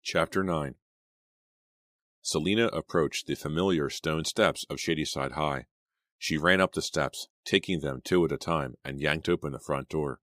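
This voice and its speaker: A man narrating an audiobook in measured scripted narration, close to the mic. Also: a bass voice, fairly bright tone, no room sound.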